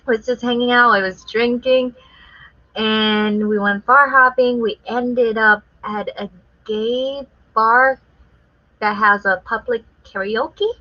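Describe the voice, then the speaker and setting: A woman's voice: fairly high pitch, steady tone, slow. A woman guest artist telling a story in casual chat, laughing often as she talks. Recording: muffled lo-fi sound.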